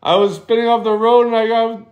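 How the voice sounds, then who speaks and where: A man's voice: very high voice, level tone, a little fast, darkish tone, pitched above the performer's own voice. A man putting on a panicking truck driver during a prank call, frantic and swearing, pleading into the phone. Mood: panicked. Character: panicking male truck driver who crashed.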